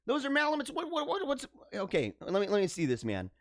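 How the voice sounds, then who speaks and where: A man hosting a live stream, chatting casually with viewers in a joking, animated way, laughing often and stumbling over his words. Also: sits high, quick pace, no echo, clean studio sound. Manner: animated, joking, frequent laughs and stammered restarts.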